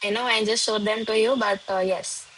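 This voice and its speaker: A woman's voice: medium pitch, fairly even intonation, moderate pace, a bit bright, a little hiss or hum, rough recording. A woman, not a native French speaker, teaching a live online French class. She switches between English and French and calls on students by name from the chat.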